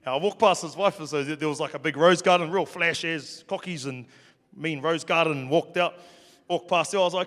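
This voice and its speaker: A man with a New Zealand accent spins stories from his childhood for a live crowd, casual and cheeky with a lot of swearing. His voice sits a bit high. It carries with the long reverb of a hall. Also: a little fast, a bit bright. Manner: casual, joking, swears freely. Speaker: speaker. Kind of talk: storytelling talk to a live audience. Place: hall with an audience.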